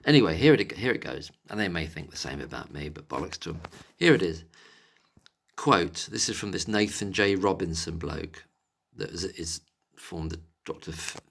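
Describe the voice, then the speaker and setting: A man's voice: deep voice, expressive, normal speed, creaky, fairly bright tone. A man ranting angrily in a monologue, exasperated and sarcastic, with plenty of swearing. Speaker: vlogger.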